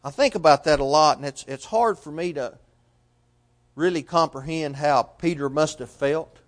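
Preacher, male, high tenor register; sermon delivery heavy on rhetorical questions, loud-to-soft swings. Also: normal speed.

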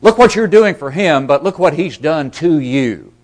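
A man's voice: fairly high pitch, expressive, moderate pace. A man voicing a resentful, self-righteous elder brother who complains indignantly in a sermon.

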